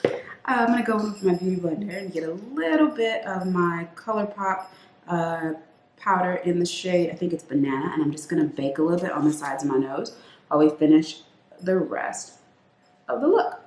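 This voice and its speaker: A woman's voice: on the low side, expressive, normal speed, darkish tone, echoey room. A woman beauty vlogger chatting playfully through a makeup routine, calling her viewers sis. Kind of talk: casual makeup tutorial chat.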